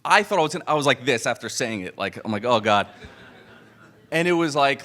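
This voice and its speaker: Man, live talk to an audience, conversational storytelling, mid-pitched voice, acts out dialogue, lots of restarts. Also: brisk. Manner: animated and conversational, full of fillers and restarts, acts out quoted dialogue. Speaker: business coach speaking to an event audience. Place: event room with a live audience.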